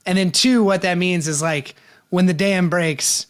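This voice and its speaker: A man's voice: sits high, fairly even intonation, measured pace, a bit bright, clean tone. A man in his thirties co-hosting a podcast, talking candidly and with self-deprecation in casual chat. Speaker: podcast co-host.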